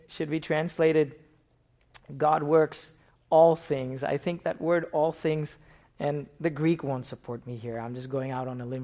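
A middle-aged man from India preaching a sermon, swinging from hushed, slow lines to loud, emphatic peaks. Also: on the high side, lo-fi sound.

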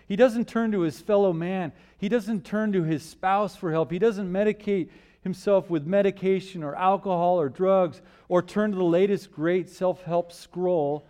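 Emphatic male preacher, fairly high voice. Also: moderate pace. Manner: emphatic, rhetorical questions, swings between loud and hushed. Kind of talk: sermon. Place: church.

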